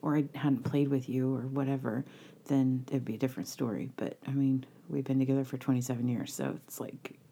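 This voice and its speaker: A middle-aged woman co-hosting a podcast, chatting casually in a relaxed, teasing way. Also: very deep voice, fairly quick, vocal fry, few pauses, slightly rough. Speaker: podcast co-host. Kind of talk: casual chat.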